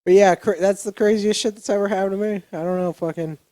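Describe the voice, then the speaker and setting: A man's voice: high-pitched, steady tone, fast, mellow. A man co-hosting a podcast, telling a rambling story in casual chat, full of fillers, laughs and swearing. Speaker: podcast co-host.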